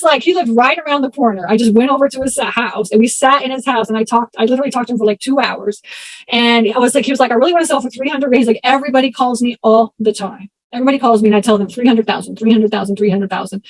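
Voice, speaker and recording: A woman from Texas, in her thirties, telling stories as an interview guest in a chatty, animated way. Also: on the high side, dry recording, poor audio. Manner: chatty, animated, acts out voices in anecdotes. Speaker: interview guest, storage investor. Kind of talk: casual interview storytelling.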